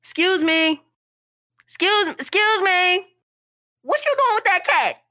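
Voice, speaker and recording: A woman voicing a nosy, prissy little princess who fires off demanding questions in a high voice. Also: animated, slow, bright, forceful tone, heavily acted.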